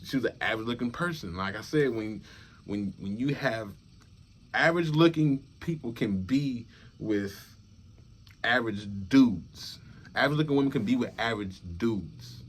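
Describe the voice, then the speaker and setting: A young man talking to his viewers in a loose, repetitive monologue, murmuring low and then bursting out loud to make a point. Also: normal speed, breathy edge. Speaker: vlogger. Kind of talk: casual rambling monologue.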